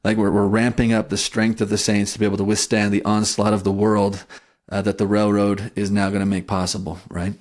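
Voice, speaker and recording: A man co-hosting a history podcast, talking through church history in a relaxed, conversational way and often checking in with "right?". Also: lowish voice, fairly quick. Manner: thoughtful, frequent restarts and "right?" checks. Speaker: podcast co-host. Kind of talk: casual history discussion.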